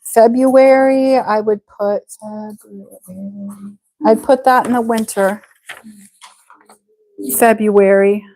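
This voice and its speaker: A woman's voice: medium pitch, fairly even intonation, darkish tone, a little hiss or hum, low-quality recording. A woman teaching a live online English class, speaking patiently and drawing out words to model how they sound. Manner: patient, slow, stretches out words to model pronunciation.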